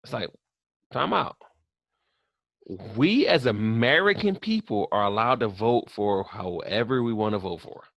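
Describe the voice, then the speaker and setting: A man's voice: medium pitch, a little slow, gravelly, no room sound, dull audio. A man co-hosting a podcast in casual chat, telling stories with lots of swearing and acted-out quotes. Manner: animated storyteller, swears freely, acts out quotes. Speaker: podcast co-host.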